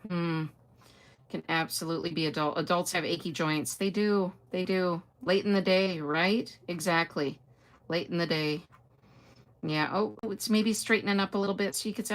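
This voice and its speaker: A woman's voice: low-pitched, moderate pace, fairly bright tone. An older woman hosting a casual live stream, chatting away, greeting viewers by name and answering their comments. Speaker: host.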